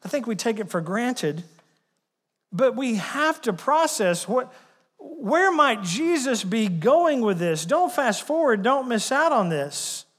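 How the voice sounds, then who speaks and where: A man preaching a sermon in church, animated, acting out the dialogue of the story. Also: very high voice, slow pace. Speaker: pastor. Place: church sanctuary. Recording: long hall reverb.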